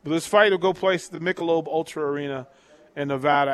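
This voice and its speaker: Guy hosting sports talk radio, kinda high voice, dry close sound, rambles and restarts a lot. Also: fast, a bit bright, dry recording. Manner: chatty, repeats words and restarts, reads listener texts. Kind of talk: casual call-in sports talk.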